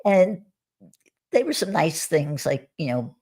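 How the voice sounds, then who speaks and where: A woman guest on a video call, recounting her experiences in a relaxed conversational way, with frequent restarts and soft laughs. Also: low-pitched, takes it slowly, breathy edge. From United States. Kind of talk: conversational storytelling on a live stream.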